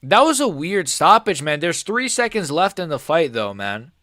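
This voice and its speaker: Excitable young man reacting to fights live. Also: on the high side, normal speed, dry recording, studio quality. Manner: excitable, swears a lot, says "bro" often; swings between shouted outrage and quiet muttering. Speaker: MMA reaction streamer.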